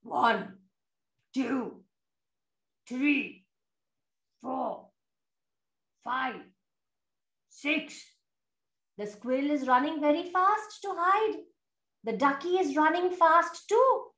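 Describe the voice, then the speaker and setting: A woman telling a story to young children over a video call, in an animated, sing-song way. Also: high voice, very slow, pauses often.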